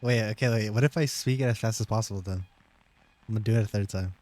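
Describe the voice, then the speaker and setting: A man's voice: on the low side, fast talker, darkish tone. A young American man chatting casually with friends on a stream, joking and teasing them and laughing often.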